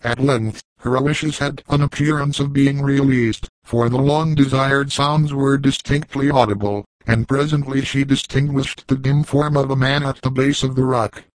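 A man reads an old novel aloud as an audiobook narrator. His reading is steady and measured, at a middle pitch. The sound is dry and close, with no room echo.

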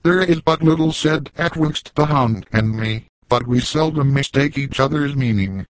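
A man voicing a shrewd old trapper, cool and measured in his old-fashioned way of speaking. The voice sits in a middle register and sounds close and dry, as in a storybook reading. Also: medium pitch, dry recording, close to an everyday voice, low-quality recording. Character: old veteran male woodsman trapper, calm and shrewd.

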